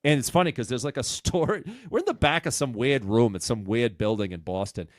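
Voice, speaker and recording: A comedian with a New England accent telling a profane, self-mocking story on a podcast. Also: male voice, mid-range voice, expressive, a little fast, dry recording, clean studio sound. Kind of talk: casual storytelling chat.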